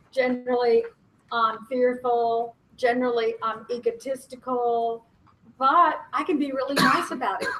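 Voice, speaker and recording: A woman's voice: on the high side, fairly bright tone, slight background noise, poor audio. A woman facilitating a conference workshop, speaking candidly and with self-deprecating humor, laughing often.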